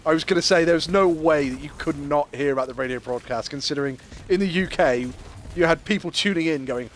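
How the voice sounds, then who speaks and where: A man's voice: fairly high pitch, fairly quick, slight background noise. A man with an English accent, a streamer chatting casually and swearing as he talks. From England. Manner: animated, swearing, banter-heavy storytelling. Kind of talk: casual chat while gaming.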